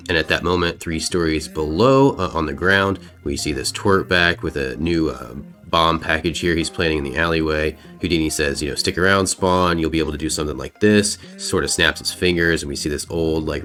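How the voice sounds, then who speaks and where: A man with an extremely deep, low voice recaps a comic book in loose, rambling narration. He talks casually, full of fillers and the odd swear word, with faint music underneath. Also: a bit bright.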